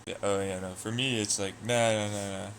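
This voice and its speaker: A man's voice: fairly low pitch, steady tone, a little fast, fairly bright tone, slight background noise. A man streaming live, chatting loosely with viewers, swearing and trailing off into asides. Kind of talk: casual rambling chat.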